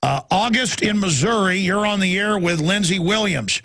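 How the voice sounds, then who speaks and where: A man hosting a talk radio show, rambling and forceful, full of fillers and restarts. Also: high voice, moderate pace, vocal fry, no echo.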